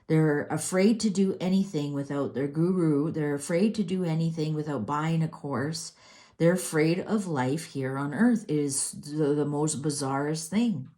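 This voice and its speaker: During a tarot reading, a middle-aged woman whose warm voice sits low takes her time as she speaks. Her tone turns heated and exasperated as she rants, with many false starts.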